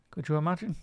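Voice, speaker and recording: A man's voice: no room sound, highs cut off. A man with a Liverpool Scouse accent giving live fan commentary on a football match, chatting with his viewers and laughing often. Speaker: football commentator and YouTube host.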